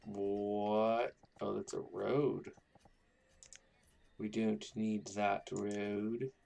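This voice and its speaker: A man's voice: lowish voice, fairly even intonation, very slow, creaky, a little mellow, slight background noise. A man casually commenting on his own gameplay, rambling and thinking aloud as he builds a town. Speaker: gaming YouTuber.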